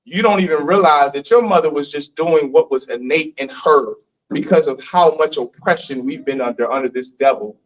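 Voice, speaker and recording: A man lectures a live class in a high-pitched voice, animated and often stopping to put questions to the room. He sounds far from the mic, as if recorded from across a classroom. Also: moderate pace.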